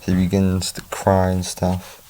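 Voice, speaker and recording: A man with a very deep, dark voice recaps a story in a loose, casual way. He chats with offhand asides, talking like he is telling a friend. His tone stays relaxed and conversational. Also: unhurried. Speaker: book reviewer.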